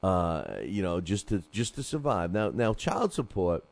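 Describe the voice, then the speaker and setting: A man's voice: low voice, lively intonation, a little slow, darkish tone, no echo. A man hosting a boxing talk show, rambling casually with lots of fillers and restarts.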